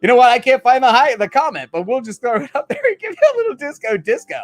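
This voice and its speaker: A middle-aged man hosting a casual live stream, excitedly shouting out viewers in the chat. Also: very high voice, fast talker, faint music behind. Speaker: livestream host.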